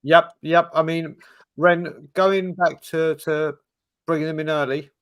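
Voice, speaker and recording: A man's voice: fairly high pitch, little pitch movement, a little slow, a bit bright. A man hosting a casual fan podcast, leading the questions and often repeating himself as he goes. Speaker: show host.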